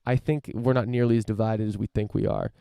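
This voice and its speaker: Gravelly, low-voiced man ranting casually. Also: steady tone, a little fast, warm tone, dry recording, studio quality. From United States. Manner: rambling, many fillers and restarts, swears casually. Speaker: podcast host. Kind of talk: casual opinion monologue.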